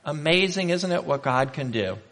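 A man's voice: on the high side, lively intonation, normal speed, a bit bright, in a large hall. A male pastor preaching a sermon, telling stories in a conversational way and asking the congregation rhetorical questions.

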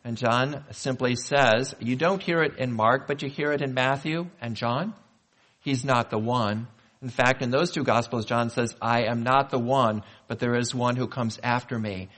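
A male pastor delivering a sermon in a conversational manner, asking the congregation questions and slowing down for emphasis. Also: medium pitch, a bit bright. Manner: conversational preaching with rhetorical questions and slow emphatic pauses.

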